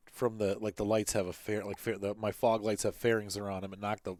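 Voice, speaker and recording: In his farming game playthrough, a gaming channel host rambles casually through a personal anecdote, with frequent fillers and restarts. He speaks on the low side, and there's no echo.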